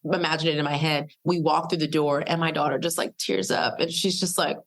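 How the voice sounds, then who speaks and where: A woman in her thirties, a podcast guest telling stories in an animated, casual way and acting out the people she quotes. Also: low-pitched, brisk, vocal fry, few pauses. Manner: lively, uses voices for quoted people. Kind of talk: animated storytelling in casual conversation.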